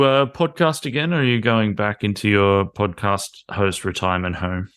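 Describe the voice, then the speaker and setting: A man's voice: on the low side, fairly even intonation, normal speed, a bit bright, clear, resonant tone. A man hosting a podcast in a casual, joking chat, laughing often. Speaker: podcast host.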